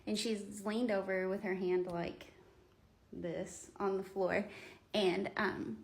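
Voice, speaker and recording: A woman's voice: mid-range voice, little pitch movement, slow, gravelly. A woman, telling stories casually into her phone at home, rambling with lots of fillers. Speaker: vlogger. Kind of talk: casual storytelling.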